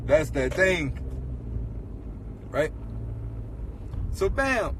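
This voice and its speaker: Man, fairly high voice, casual ranting vlog monologue, hammers the same question repeatedly, faint car hum behind. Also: very animated, drawn-out words, long pauses, a bit bright. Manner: emphatic, repeats rhetorical questions. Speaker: vlogger.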